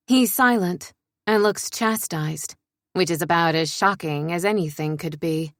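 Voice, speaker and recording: A young woman reading a first-person story in a soft, measured, introspective way. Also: lowish voice, no room sound, studio quality. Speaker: narrator.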